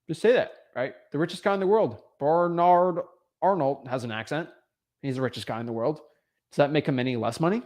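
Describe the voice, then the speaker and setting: Guy on a livestream, pumped up coaching, slightly higher voice, acts out convos. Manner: energetic, talks to viewers directly, acts out quick dialogues. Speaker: host.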